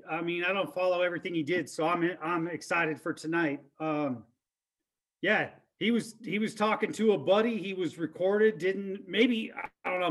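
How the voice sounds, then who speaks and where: Man on a radio talk panel, high voice, easygoing, hedges his points. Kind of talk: casual podcast chat.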